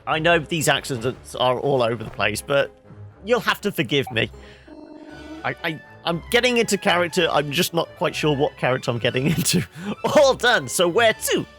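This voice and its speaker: Guy talking thru a game playthrough, bright forceful voice, a bit high, game music faint behind. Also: expressive, moderate pace, creaky. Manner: rambling, self-correcting, wry. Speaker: gameplay video host. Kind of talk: let's play commentary.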